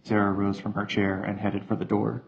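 Male narrator, low gravelly voice, very even delivery, slightly dull sound with faint music under it. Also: normal speed, a little hiss or hum. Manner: steady, even reading. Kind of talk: audio drama narration.

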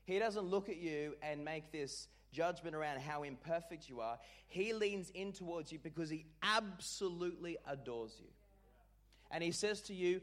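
A man preaching a sermon, expressive and call-and-response, leading the congregation and joking with them. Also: a little high, moderate pace. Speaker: pastor.

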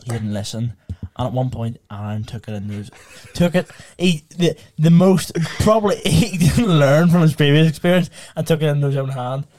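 A man's voice: fairly high pitch, expressive, a little fast, few pauses, a little mellow. A young man, co-hosting a podcast and telling stories with frequent laughter. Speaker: podcast co-host. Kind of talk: casual chat, storytelling.

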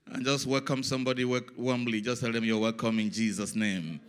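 A man preaching in a church service, emotional and close to tears, who moves from hushed talk to loud shouted praise. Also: mid-range voice, steady tone, a little fast, few pauses, clean tone. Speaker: pastor. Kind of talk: church sermon and prayer.

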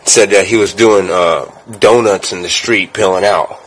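A young man casually telling rambling, profane stories from his youth, full of fillers and loud acted-out quotes. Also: low voice, a little slow, husky, rough recording. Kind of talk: casual storytelling.

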